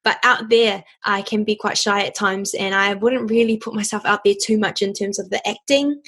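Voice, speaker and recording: A woman's voice: medium pitch, fairly even intonation, normal speed, a bit bright. A young woman from New Zealand in a casual interview, chatty and bubbly, laughing often as she tells her story. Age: young adult. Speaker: interview guest, voice actor and singer.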